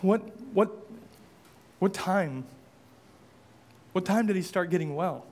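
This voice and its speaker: A man's voice: sits high, slow, a little mellow. A male pastor preaching a sermon, impassioned, with repeated rhetorical questions and casual asides.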